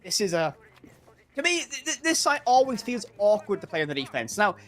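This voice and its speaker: A man with an Irish accent giving energetic live esports commentary, stressing words by repeating them. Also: sits high, fairly quick. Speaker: esports caster.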